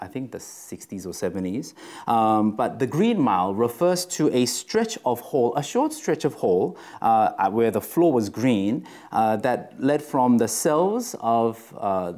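A man preaching a sermon in a conversational way, often pausing on fillers and checking in with the listeners. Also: medium pitch, mellow. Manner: conversational, with frequent fillers and "right?" check-ins.

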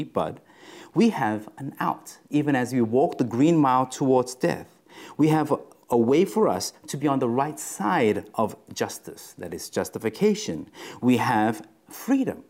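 A man preaching a sermon in a conversational way, often pausing on fillers and checking in with the listeners. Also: mid-range voice, a little mellow. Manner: conversational, with frequent fillers and "right?" check-ins.

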